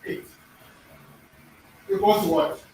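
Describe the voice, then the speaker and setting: A middle-aged Nigerian language teacher with a slow, dark voice teaches pronunciation, repeating words and quizzing his class. The echoey classroom is picked up by a distant room mic with faint noise.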